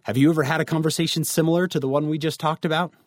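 A man's voice: fairly high pitch, fairly even intonation, racing, no room sound, clean studio sound. A man giving a devotional talk to teens, telling a story and speaking straight to his listeners. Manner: storytelling, addresses listeners directly. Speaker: youth speaker.

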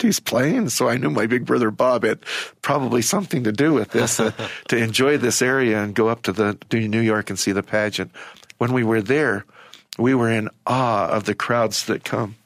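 An older man, an interview guest, telling a personal story in a halting, emotional way with many restarts. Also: lowish voice, creaky, a bit bright, dry recording, studio quality.

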